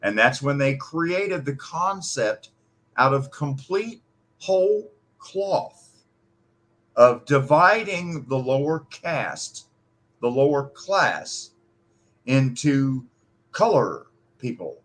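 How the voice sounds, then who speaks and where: A man's voice: medium pitch, very animated, takes it slowly, a bit bright. A man from the United States in heated political talk, impassioned and emphatic, swearing freely.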